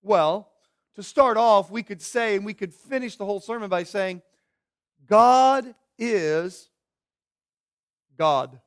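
High-voiced man preaching a lively sermon. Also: takes it slowly, pauses often, smooth. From York County. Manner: lively, conversational preaching with rhetorical questions and acted-out quotes. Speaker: pastor.

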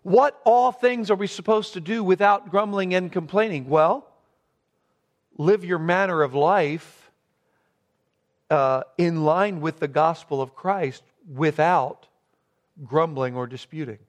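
A man's voice: a little high, slow. A man preaching a sermon, earnestly stressing key words and posing rhetorical questions.

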